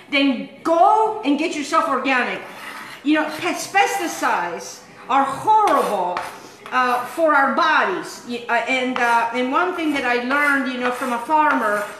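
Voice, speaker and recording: A woman's voice: sits high, a bit bright, echoey room, slight background noise, poor audio. A woman hosting a home cooking show, talking in a chatty, rambling, enthusiastic way as she demonstrates a recipe. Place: home kitchen.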